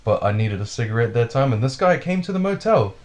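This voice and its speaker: A man telling a wild story in casual chat, animated and full of swearing, laughing as he goes. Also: medium pitch, quick pace. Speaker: podcast storyteller.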